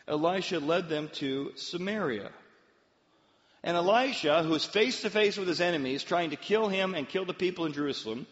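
A male pastor telling a story in a sermon, with an animated, dramatic delivery. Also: high voice, normal speed. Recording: dull, long-reverb hall sound.

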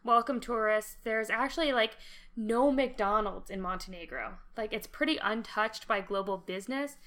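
Young woman in chatty podcast talk, bright sound, quick laughs and asides. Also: a little high. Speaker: podcast co-host. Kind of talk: casual podcast chat.

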